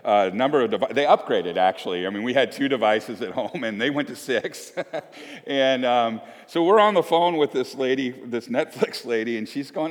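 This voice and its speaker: A middle-aged man preaching a sermon, telling a family story and acting out the quotes in lively voices. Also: mid-range voice, normal speed. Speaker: pastor. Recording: long hall reverb.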